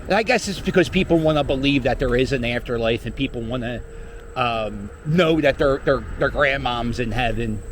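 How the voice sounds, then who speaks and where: With a medium-pitched voice at a moderate pace, a middle-aged Philadelphian chats casually while riding a scooter around the city for his vlog. He rambles and jokes, throwing in some cursing, against faint street noise.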